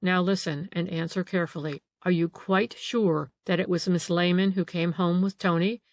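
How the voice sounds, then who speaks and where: A woman voicing a calm male police detective in an audiobook, pressing with questions. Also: lowish voice, normal speed, dry recording, natural voice. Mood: probing. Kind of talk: audiobook character reading.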